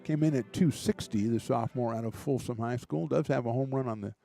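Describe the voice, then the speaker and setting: Mellow-voiced man calling college baseball. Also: brisk, vocal fry, soft background music. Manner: relaxed, chatty, lightly joking between pitches, rising excitement on big plays. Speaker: play-by-play announcer. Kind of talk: baseball play-by-play commentary.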